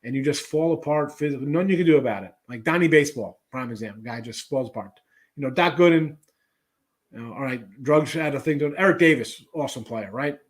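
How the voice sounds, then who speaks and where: Rambling middle-aged sports betting host. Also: male voice, medium pitch, quick pace. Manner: rambling, conversational, many fillers and restarts. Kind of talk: casual sports betting talk.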